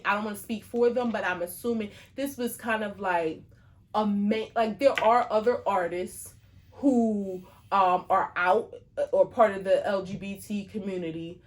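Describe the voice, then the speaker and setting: Casting: woman podcast co-host, chatty and animated, filler-heavy casual talk. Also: mid-range voice, slight background noise. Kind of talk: casual chat.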